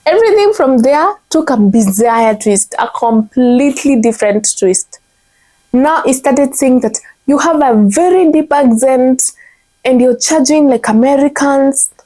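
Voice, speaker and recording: Woman, Kenyan accent, earnest motivational vlog, mellow voice, fairly high pitch. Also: animated, unhurried. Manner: earnest, self-correcting restarts, frequent "like". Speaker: content strategist.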